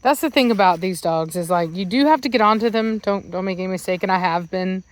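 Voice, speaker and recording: A woman from Virginia who breeds dogs, talking casually at home about her puppies and their training. Her voice sits at an ordinary middle pitch. She rambles with fillers and switches into sing-song baby talk when praising the dogs. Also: quick pace, no room sound. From Virginia, United States. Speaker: dog breeder.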